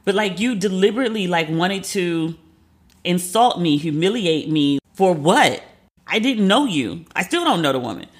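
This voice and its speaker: A woman's voice: lowish voice, normal speed. Woman host just telling a story, swears a lot, does little voices when she quotes people. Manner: candid, profane, animated storytelling with quoted asides. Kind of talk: casual storytelling monologue.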